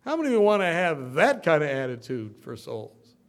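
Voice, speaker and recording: A man preaching a sermon as pastor, swinging from loud emphatic bursts to soft storytelling. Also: fairly high pitch, huge pitch swings, fairly quick, vocal fry.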